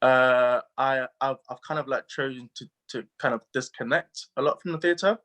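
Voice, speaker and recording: A man's voice: mid-range voice, moderate pace, fairly bright tone. Hesitant young man asking a question. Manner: hesitant, fillers and repeats. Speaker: workshop participant. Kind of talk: asking questions in an online workshop.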